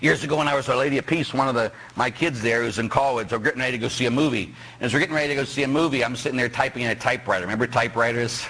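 A priest from Pittsburgh giving a sermon, joking and asking the congregation rhetorical questions. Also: male voice, mid-range voice, very fast, hardly any pauses. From Pittsburgh, USA. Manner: animated, jokey preaching with rhetorical questions to the congregation. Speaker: parish priest.

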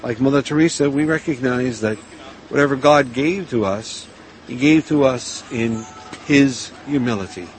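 A man preaching a sermon, narrating and exhorting in a calm, measured way. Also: mid-range voice, slight background noise, rough recording.

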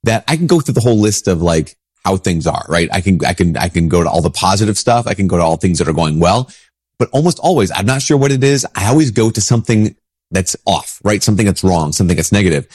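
A priest with a stuffy nose from a cold, giving a casual spiritual talk with many restarts. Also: male voice, sits low, lively intonation, quick pace, a little mellow, slightly rough, no echo, clean studio sound. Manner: casual, rambling, frequent restarts. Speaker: Catholic priest.

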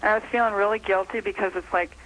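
A woman's voice: medium pitch, fairly even intonation, quick pace, fairly bright tone, low-quality recording. A woman from Minnesota calling in by phone, gushing and rambling, hesitating with many ums as she asks her question. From Minnesota, USA. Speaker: caller. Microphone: telephone line.

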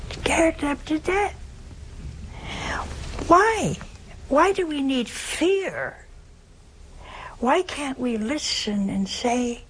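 A woman's voice: sits high, sing-song, slow pace, long pauses, a little hiss or hum, low-quality recording. A woman giving a folksy religious talk, telling stories and asking rhetorical questions. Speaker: religious speaker. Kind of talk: sermon-style talk.

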